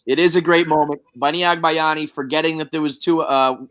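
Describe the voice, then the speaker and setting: A man's voice: fairly high pitch, fairly even intonation, a little fast, fairly bright tone. A young man co-hosting a sports podcast, talking in a loose, rambling way with frequent restarts and casual swearing. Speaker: podcast co-host.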